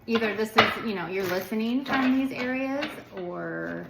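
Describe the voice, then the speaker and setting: A woman's voice: a little high, expressive, moderate pace, creaky. A woman from the United States giving a casual tarot reading to viewers, chatty and rambling, with lots of filler words. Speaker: tarot card reader. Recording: echoey room with background noise.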